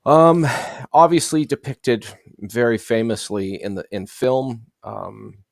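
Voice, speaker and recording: A man's voice: mid-range voice, expressive, slow, gravelly, no echo, clean studio sound. A middle-aged man giving long, rambling conversational interview answers, full of fillers and restarts. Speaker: interview guest.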